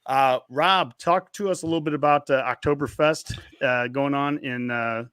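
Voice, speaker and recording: A man's voice: medium pitch, moderate pace, a bit bright, clean tone. A man hosting a casual sports podcast with easygoing chat and sponsor plugs. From Nebraska. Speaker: podcast host.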